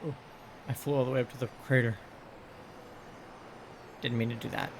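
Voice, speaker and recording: A man's voice: mid-range voice, level tone, normal speed, background noise. A man giving rambling, playful, casual commentary while live-streaming a video game from a home setup, sounding a little sleepy. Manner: rambling, chatty, playful, with laughs and squeals. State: sleepy, yawning.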